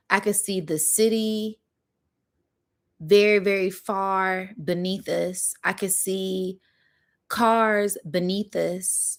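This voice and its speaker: A woman vlogger telling a story in a casual, animated, slangy way, with spoken sound effects. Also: on the low side.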